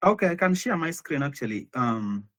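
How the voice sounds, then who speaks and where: A man, a guest speaker, chatting casually before a live online session, talking in a hesitant, halting way with frequent restarts over a video call. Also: a little high, very animated, fairly bright tone. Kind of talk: casual pre-show chat.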